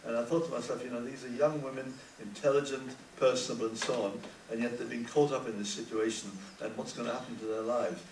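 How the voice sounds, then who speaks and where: Older man, halting and repetitive. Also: mid-range voice, fairly even intonation, darkish tone. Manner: halting, repeats words often. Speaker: panel guest. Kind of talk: reflective panel talk. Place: conference hall. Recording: roomy hall, distant mic, faint hiss.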